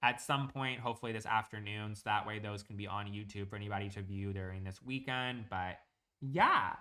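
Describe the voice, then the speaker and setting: A man's voice: lowish voice, a little fast, bright, forceful tone. A young man streaming, chatting casually and rambling with lots of fillers while he plays a building game. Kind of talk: casual live-stream chat while gaming.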